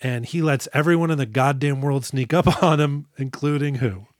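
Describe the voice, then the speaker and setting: A man's voice: mid-range voice, moderate pace, no room sound, studio quality. A man co-hosting a podcast, chatting casually and joking about a movie, often laughing mid-sentence. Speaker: podcast co-host. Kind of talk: casual comedic movie chat.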